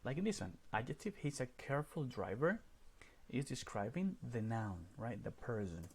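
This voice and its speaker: A man's voice: mid-range voice, big pitch swings, moderate pace, slightly rough. A man teaching a recorded grammar lesson over slides, explaining step by step and often checking in with "right?".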